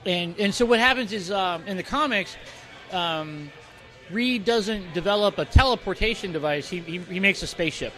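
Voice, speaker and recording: A man's voice: sits high, animated, normal speed, bright, forceful tone, soft background music. A man co-hosting a casual podcast, rambling with lots of fillers and restarts, recorded in the corner of a bar. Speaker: podcast co-host. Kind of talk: casual chat.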